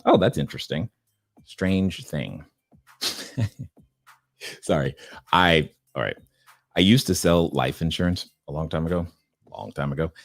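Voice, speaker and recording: An extremely low, unhurried male voice with vocal fry and frequent pauses belongs to a middle-aged livestream host. He reads viewer questions aloud and riffs on them with easy chuckles, in a dry recording.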